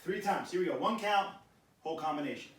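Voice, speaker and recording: A man teaching karate, coaching a workout class with brisk instructions and short barked commands. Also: fairly high pitch, expressive, fairly bright tone. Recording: echoey room, mic far off.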